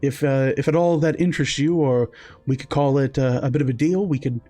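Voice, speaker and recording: A man's voice: mid-range voice, mellow, soft background music, natural voice. A man doing a polite weathered hunter. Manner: courteous, rambling, halting speech.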